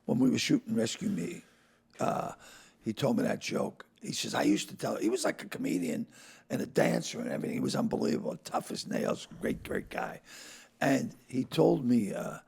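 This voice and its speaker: A man, a comedian on a podcast, telling a comic story with loud, laughing energy and acted-out voices. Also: medium pitch, huge pitch swings, moderate pace. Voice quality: gravelly, raspy voice. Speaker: guest comedian.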